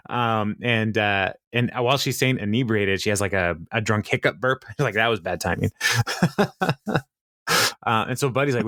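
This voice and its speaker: A man with a fairly low voice chats casually on a podcast, recapping an episode and acting out the lines. He talks with plenty of ums and little laughs. The sound is dry and close. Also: normal speed, fairly bright tone, no room sound. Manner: chatty, many fillers, quotes characters with laughs. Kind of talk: casual chat, retelling scenes.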